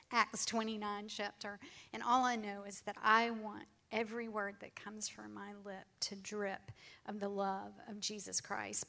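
A woman's voice: medium pitch, a bit bright. A woman sharing her faith testimony with an audience, speaking earnestly and from the heart, sometimes dropping almost to a whisper. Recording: long hall reverb.

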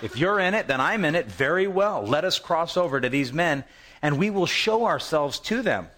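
A man's voice: fairly high pitch, sing-song, normal speed, a bit bright. A man preaching a sermon in a conversational style, telling the story with animation and putting on the voices of the people in it. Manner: conversational, repeats words when restarting. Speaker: pastor.

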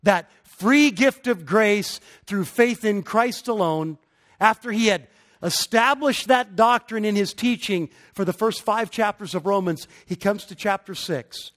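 A middle-aged male pastor delivers a sermon in a notably high voice. He speaks with emphasis and pushes hard on his key points. He sounds like a preacher leading a congregation through his message. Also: unhurried. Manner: emphatic, rising to forceful peaks.

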